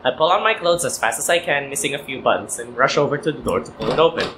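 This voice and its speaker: A man with a worn-out, hoarse voice casually reading a visual novel aloud for a let's play, with apologetic asides. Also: mid-range voice, lively intonation, quick pace, pushed and bright, slight background noise. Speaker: gaming YouTuber.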